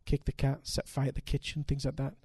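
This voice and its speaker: An older man, preaching a sermon and telling stories with animated, emphatic delivery. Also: medium pitch, fast talker, husky, no echo. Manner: animated, building to loud emphatic peaks. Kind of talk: sermon with storytelling.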